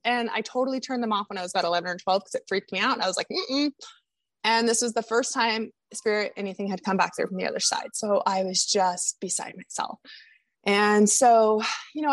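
A woman's voice: medium pitch, brisk, no echo. A woman guest on a podcast, telling her personal story in a candid, confessional way.

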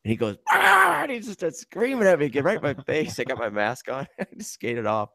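A man's voice: medium pitch, sing-song, fast talker, no room sound, studio quality. A man hosting a casual sports podcast, telling rambling stories about playing goalie in a hockey league and laughing as he goes. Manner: rambling storyteller, laughs through his anecdotes.

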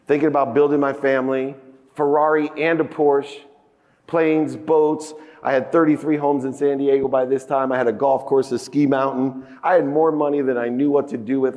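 A man in his fifties giving a motivational keynote speech on a conference stage, telling a personal story with big emotional swings in pitch and loudness. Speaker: keynote speaker. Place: large conference hall stage. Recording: echoey conference hall.

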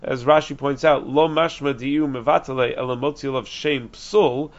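A man teaching a Talmud lesson, explaining quickly and reasoning aloud with frequent restarts, dropping in Aramaic and Hebrew terms. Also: medium pitch, steady tone. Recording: dull lo-fi recording.

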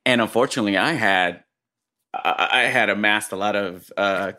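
A man's voice: lowish voice, moderate pace, sharp tone. A man, an actor and comedian, chatting casually as a podcast guest and telling a long rambling story with lots of restarts.

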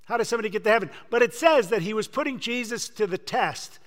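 A man preaching a sermon, retelling a scripture story with lively acted-out dialogue. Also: high voice, quick pace. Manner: animated storytelling, acting out quoted voices. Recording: long hall reverb.

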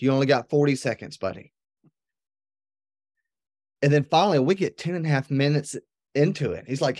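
Brief: male podcast guest, lively and emphatic storyteller, mid-pitched voice, dry close recording. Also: no room sound. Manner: energetic, emphatic, often adds "right?". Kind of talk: animated storytelling in conversation.

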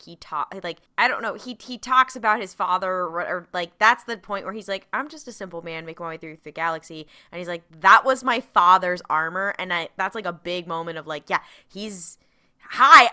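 A woman with a bright, sharp voice chatting with friends about a show. She is excitable and keeps cutting in with quick asides. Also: medium pitch. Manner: excitable, jumps in with lively interruptions. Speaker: podcast co-host. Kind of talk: casual fan chat.

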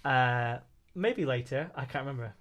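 A man's voice: medium pitch, normal speed, fairly bright tone. A man co-hosting a podcast, chatting casually with dry, teasing humor. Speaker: podcast co-host. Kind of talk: casual chat.

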